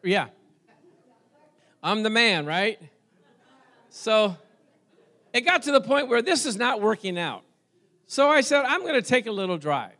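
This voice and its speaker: A man with a high-pitched voice delivers a sermon. He tells a personal story with animated energy and talks straight to his congregation. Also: a little slow, pauses often. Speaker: preacher.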